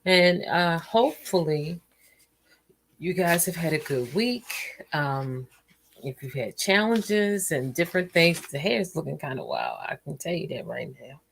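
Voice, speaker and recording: Tired woman host, low voice, chatty and meandering, casual home stream with faint noise. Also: big pitch swings, unhurried, vocal fry. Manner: rambling and chatty, trails off with fillers. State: tired and yawning. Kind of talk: casual livestream chat.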